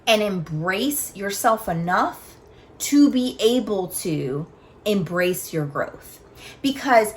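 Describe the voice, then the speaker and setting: A woman in her thirties or forties hosting a solo podcast, talking candidly and earnestly through personal stories. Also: fairly high pitch. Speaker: podcast host. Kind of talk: reflective solo talk on self-acceptance.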